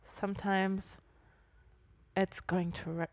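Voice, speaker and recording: A woman's voice: medium pitch, takes it slowly. A young woman with German as her first language, co-hosting a casual podcast chat in English and often searching for words. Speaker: podcast co-host.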